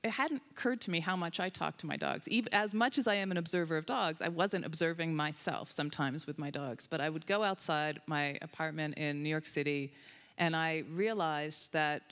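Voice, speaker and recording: A woman with a notably low voice speaks as an interview guest, telling her stories with lively enthusiasm. Her voice carries a long hall reverb, as if she is on stage in a large auditorium. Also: moderate pace. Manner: enthusiastic, animated storytelling. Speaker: guest researcher on dog cognition. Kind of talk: conversational interview answers.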